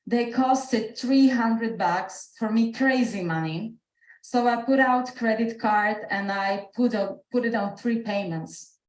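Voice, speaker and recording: A woman's voice: on the high side, slow, roomy sound, rough recording. A woman with a Slovak accent telling an earnest personal story on a video call, her English full of restarts. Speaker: speaker. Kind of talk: motivational talk on a video call.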